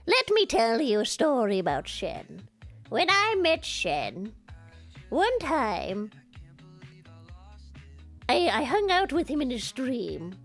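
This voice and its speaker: A woman voicing a doting, chatty old grandmother with vocal fry, drawing out the ends of her sentences. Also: sits high, heavily acted. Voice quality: vocal fry, wavering up-and-down sing-song. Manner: drawn-out endings, fussing. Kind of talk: streamer putting on a character voice.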